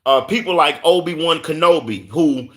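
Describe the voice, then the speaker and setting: A man's voice: fairly high pitch, moderate pace, fairly bright tone. A man from Houston with a Southern accent, hosting a casual live stream and reading viewer comments aloud, often stumbling on names and repeating words. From Houston, Texas.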